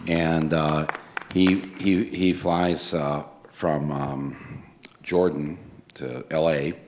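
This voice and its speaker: A man moderating a panel, talking casually with lots of halting fillers. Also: a bass voice, steady tone, darkish tone, a little hiss or hum.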